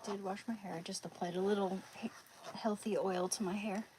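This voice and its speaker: Woman rambling on a home livestream, cooking, chatting to her dogs, loud noise behind. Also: medium pitch, fairly even intonation, brisk. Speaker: livestream host. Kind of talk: casual livestream chat while cooking.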